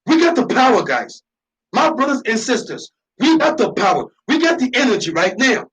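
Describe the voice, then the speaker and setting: High-voiced man preaching on a talk show. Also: big pitch swings, normal speed, a bit bright, poor audio. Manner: preachy, repetitive, emphatic. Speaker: radio talk show host. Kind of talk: impassioned monologue.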